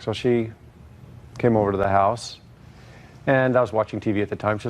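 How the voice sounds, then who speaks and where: A man's voice: lowish voice, a little fast, a little hiss or hum. A man giving long, hesitant testimony as a plaintiff in a TV courtroom, full of fillers and restarts.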